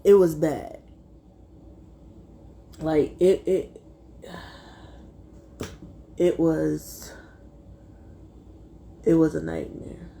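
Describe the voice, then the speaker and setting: Tearful woman with a gravelly voice. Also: sits low, animated, warm tone, a little hiss or hum. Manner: tearful, halting, addresses viewers as y'all. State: close to tears. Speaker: vlogger. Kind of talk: emotional personal storytime.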